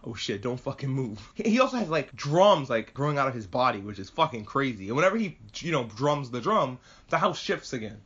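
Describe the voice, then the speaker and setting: A man chatting casually and excitedly as a podcast host reviewing an anime, swearing freely and rambling. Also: mid-range voice, a little fast, hardly any pauses, breathy edge. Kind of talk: casual chat. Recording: muffled lo-fi audio.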